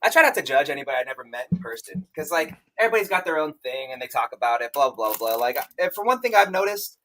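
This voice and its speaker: A man co-hosting a podcast, bantering loudly and teasing his co-host with bursts of mock shouting. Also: fairly high pitch, sing-song, quick pace, slight background noise, low-quality recording. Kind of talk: casual chat.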